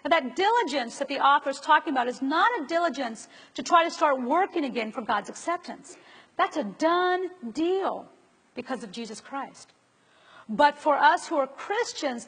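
A woman's voice: sits high, lively intonation, moderate pace, a bit bright. A woman preacher giving a conversational sermon and asking her listeners rhetorical questions. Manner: asks the audience rhetorical questions. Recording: long reverb of a large hall.

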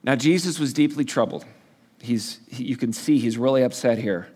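A man's voice: mid-range voice, moderate pace, a little mellow, breathy edge, in a large hall. A male pastor teaching a sermon in a casual, storytelling way with playful asides. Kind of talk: sermon, conversational Bible teaching.

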